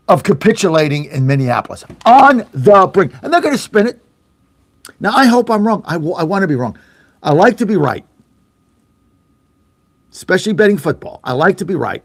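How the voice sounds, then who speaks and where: A middle-aged male talk radio host rants in a high, lively voice that swoops up and down as he gets worked up. He is blunt and sarcastic, swears, and repeats himself for emphasis. The sound is dry and close, with no room around it. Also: dry recording. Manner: angry, sarcastic, mocking voices of opponents. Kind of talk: fiery political talk radio rant.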